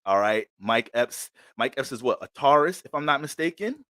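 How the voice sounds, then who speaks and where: A man hosting an astrology livestream, talking in a loose, slangy, animated storytelling way. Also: mid-range voice, normal speed, no room sound, clean studio sound. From Bronx, New York. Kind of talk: casual livestream chat.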